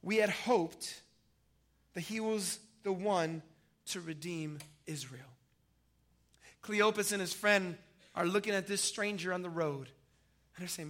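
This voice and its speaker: This sermon comes from a male pastor whose voice sits high and unhurried, with frequent pauses. He brings a scripture story to life, moving from loud, emphatic passages to soft, hushed ones.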